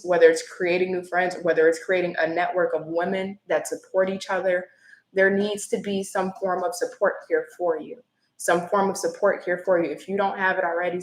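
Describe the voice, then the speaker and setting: A woman's voice: lowish voice, roomy sound, rough recording. A woman giving a live-stream tarot reading, earnest and emotional, with apologetic asides. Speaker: tarot reader.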